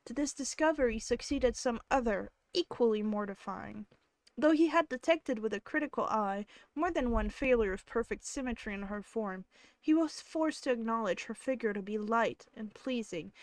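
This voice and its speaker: A woman's voice: a little high, normal speed, dry recording. Woman reading a novel aloud on stream. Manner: steady narration with casual asides. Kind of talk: live-stream book reading.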